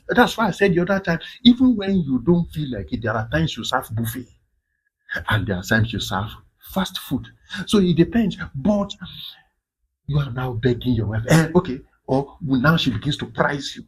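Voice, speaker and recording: A man giving animated, preachy marriage advice in a casual monologue, dropping in pidgin interjections. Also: medium pitch, slightly rough, poor audio. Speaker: relationship advice host.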